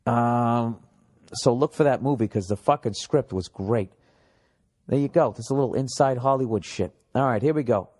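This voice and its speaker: A man's voice: medium pitch, normal speed, a little mellow. Blunt, profane comedian man. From United States. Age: middle-aged. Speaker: podcast host. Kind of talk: comedic podcast monologue.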